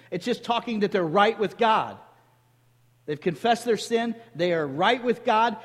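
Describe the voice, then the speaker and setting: A man's voice: high voice, breathy edge. A man preaching a sermon as pastor, emphatic, calling for responses from the congregation. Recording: long hall reverb.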